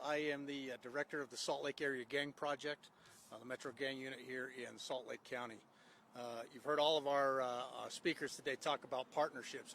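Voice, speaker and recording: A man's voice: mid-range voice, fairly bright tone. A man directing a gang unit, reading a prepared press conference statement with frequent "uh" fillers, outdoors with faint background noise.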